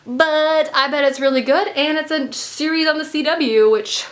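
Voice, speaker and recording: A young woman from the United States, a book vlogger talking casually and excitedly, gushing with lots of "like" fillers. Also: sits high, moderate pace. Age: young adult. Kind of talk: casual book haul chat.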